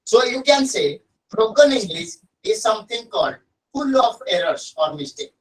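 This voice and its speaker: A man's voice: high-pitched, very animated, moderate pace, recorded from a distance, rough recording. A man with an Odia Indian accent teaching an English lesson, stressing and repeating his key points to students. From Odisha, India. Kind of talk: classroom lesson.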